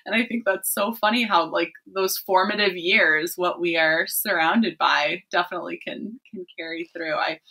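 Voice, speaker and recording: Casting: eager woman host, bright tone with a husky edge, laughs easily. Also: on the low side, moderate pace, hardly any pauses, low-quality recording. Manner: enthusiastic, laughs often. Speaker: podcast host. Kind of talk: casual interview chat.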